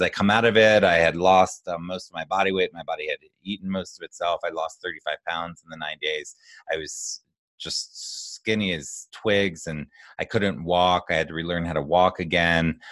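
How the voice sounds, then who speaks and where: A man's voice: low voice, a bit bright, no room sound. A man hosting a show, talking earnestly in a loose conversational way with fillers and restarts. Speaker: podcast host. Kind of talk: casual spoken monologue.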